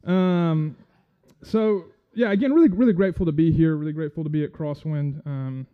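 Male guest preacher, fairly high voice, friendly and halting, on a dull lo-fi recording. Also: clean tone. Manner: friendly, self-deprecating, halting with many fillers. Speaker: guest church speaker. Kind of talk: casual sermon.

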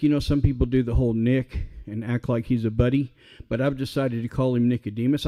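A middle-aged pastor preaching a sermon in a relaxed, conversational way, often checking in with his listeners. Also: mid-range voice. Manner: conversational, asks the audience questions.

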